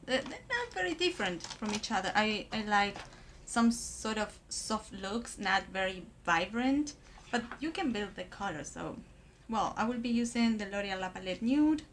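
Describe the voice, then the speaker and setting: A woman from Argentina, talking through a makeup tutorial in a hesitant way with many pauses and fillers. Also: medium pitch, sing-song, slight background noise. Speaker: makeup vlogger.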